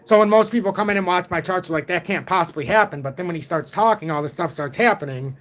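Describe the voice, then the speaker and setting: A man in his forties hosting a casual livestream about crypto charts, talking in an excitable, rambling way from home. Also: sits high, quick pace. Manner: rambling, excitable, self-taught trader talk.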